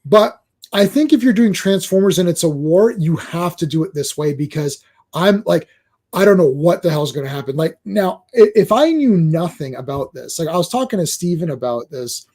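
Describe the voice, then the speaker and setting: A man hosting a casual chat about a cartoon series, talking in a halting way with many restarts and ums. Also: on the high side, lively intonation, darkish tone. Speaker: podcast host.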